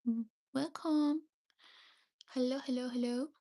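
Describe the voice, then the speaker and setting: Chatty French-accented woman, fairly high voice. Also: fairly even intonation, a little slow, warm tone. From France, Paris. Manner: chatty, frequent ums and restarts. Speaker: livestream host. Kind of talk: casual livestream chat reading comments. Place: seated on her bed indoors. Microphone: phone.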